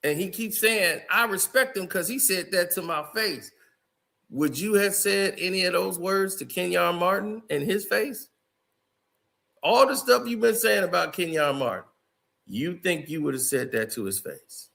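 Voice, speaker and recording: A man's voice: sits high, expressive, unhurried, vocal fry, bright, forceful tone. A man commenting on a video clip in a casual, incredulous way, laughing often.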